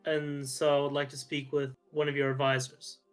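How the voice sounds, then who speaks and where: A man's voice: a little high, completely flat delivery, normal speed, smooth, faint music behind. A man playing in a tabletop game, speaking politely in character. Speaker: player. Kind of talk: tabletop role-play.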